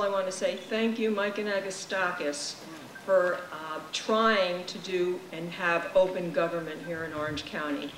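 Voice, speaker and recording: A woman's voice: medium pitch, sharp tone. Woman, public commenter, blunt casual talk, echoey chamber. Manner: frank, exasperated, casual phrasing. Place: legislature chamber. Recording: echoey chamber, faint crowd and noise.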